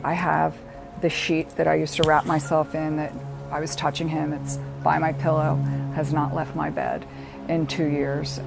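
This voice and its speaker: Low, gravelly-voiced middle-aged woman. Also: little pitch movement. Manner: halting, reflective storytelling with pauses. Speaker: bereaved mother. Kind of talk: personal documentary testimony. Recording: music playing underneath. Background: soft background music.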